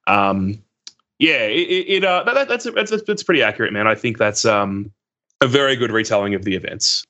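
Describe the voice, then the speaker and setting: A man with an Australian accent and a fairly low, bright, forceful voice chats about a tabletop game on a podcast. He talks loosely, hedging with plenty of "like" and "um" fillers. It sounds like easygoing podcast talk. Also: moderate pace, highs cut off. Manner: relaxed, hedging, many "like" and "um" fillers. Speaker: guest player. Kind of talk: casual podcast chat.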